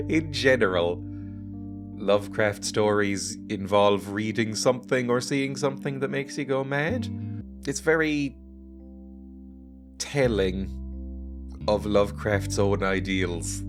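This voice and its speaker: A man playing a game and chatting casually, joking and laughing as he goes. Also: lowish voice. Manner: chatty, jokey, laughs often. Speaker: let's play gamer. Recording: music playing behind.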